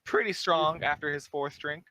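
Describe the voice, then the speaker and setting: A man's voice: fairly high pitch, normal speed, sharp tone, no room sound, poor audio. A man narrating as dungeon master in a live-streamed tabletop game, easygoing and casual, with filler words. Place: home setup, streamed live.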